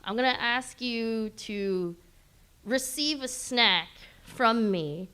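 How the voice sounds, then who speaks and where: A woman's voice: a little high, takes it slowly, sharp tone, clean tone. A woman hosting a live convention panel, teasing and playful with the audience, laughing often. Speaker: panel host.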